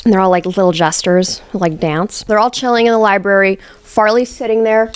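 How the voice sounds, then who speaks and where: A woman's voice: mid-range voice, steady tone, fairly quick, few pauses, clean tone. A woman in her twenties giving a casual, joking film recap full of swearing and asides. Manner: chatty, profane, joking asides. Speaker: vlogger. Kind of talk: casual movie recap commentary.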